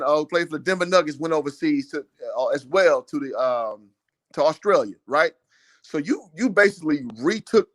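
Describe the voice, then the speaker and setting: Man, higher voice, rambling profane rant, dry close sound. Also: a bit bright, no room sound. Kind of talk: casual debate.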